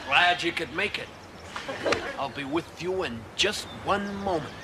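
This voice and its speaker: A smooth drawling crooner. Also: male voice, a little high, expressive. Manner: slow easygoing drawl. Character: smooth laid-back male crooner golfer, parody. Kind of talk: sitcom acting. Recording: noisy TV recording with outdoor ambience.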